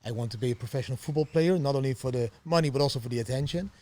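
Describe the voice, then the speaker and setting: A middle-aged man, telling his story as a podcast guest in an animated way and laughing often. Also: medium pitch, racing, dry recording. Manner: animated, laughs often, acts out quoted voices. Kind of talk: storytelling interview.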